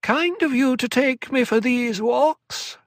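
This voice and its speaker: A man voicing a small, wheedling male alien prisoner with a whining, elfin voice, pleading slowly. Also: no room sound, studio quality, full character voice. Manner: slow, pleading, high-pitched. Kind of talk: audiobook character voice.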